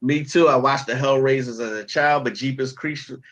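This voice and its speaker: A man's voice: medium pitch, steady tone, moderate pace, a bit bright, lo-fi sound. A man hosting a livestream, ranting casually and stressing his points through repetition, sometimes putting on mock-pompous jargon. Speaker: livestream host.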